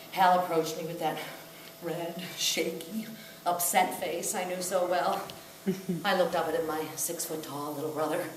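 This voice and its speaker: A woman performing a solo comic show on stage, telling wry, expressive stories about her brother. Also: lowish voice, slight background noise. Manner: wry, expressive storytelling, breaking into song. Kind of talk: live comic storytelling with song. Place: small theatre stage. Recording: roomy live theatre recording from a distance. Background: audience laughter.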